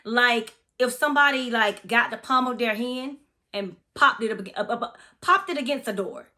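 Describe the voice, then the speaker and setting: A woman's voice: on the high side, normal speed, pushed and bright. A woman from Florida, a massage therapist, telling a spooky personal story in a chatty, profane, dramatic way in a casual vlog.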